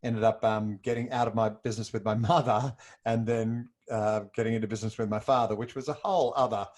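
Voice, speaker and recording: A man's voice: on the low side, fairly even intonation, brisk, a little mellow. A middle-aged man from Australia telling a personal story in a casual interview, hesitant with many ums and moved to emotion. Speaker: interview guest.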